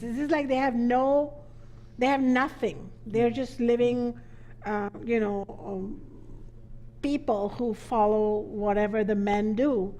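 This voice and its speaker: A middle-aged woman from India giving a spiritual teaching talk, playful and animated, laughing often and jumping up in pitch to stress a point. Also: slow.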